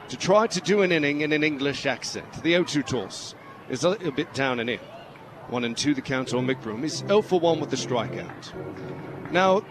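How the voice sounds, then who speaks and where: A man doing radio play-by-play of a baseball game in a playful put-on English accent. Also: on the high side. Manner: playful mock-British delivery. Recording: radio broadcast with loud background noise.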